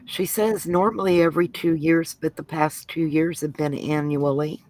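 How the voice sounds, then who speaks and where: A woman's voice: deep voice, moderate pace, no room sound, low-quality recording. A woman from Georgia co-hosting a craft live stream, reading viewer comments aloud. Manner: relaxed, reads out comments.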